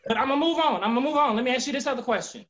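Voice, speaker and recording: A woman co-hosting a podcast, putting questions to the others in an unhurried, repetitive way. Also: high voice, background noise. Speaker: podcast co-host asking questions. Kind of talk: casual chat.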